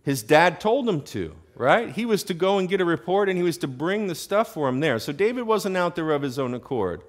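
Brief: animated male preacher, somewhat high voice that swings widely. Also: a little fast. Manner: animated, rising to emphatic questions. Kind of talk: sermon. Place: church.

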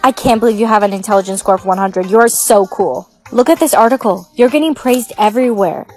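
A synthetic woman's voice reading side characters in short POV skits with a flat, machine-like delivery. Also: mid-range voice, fairly quick, faint music behind. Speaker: text-to-speech storyteller. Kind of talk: text-to-speech POV skit narration.

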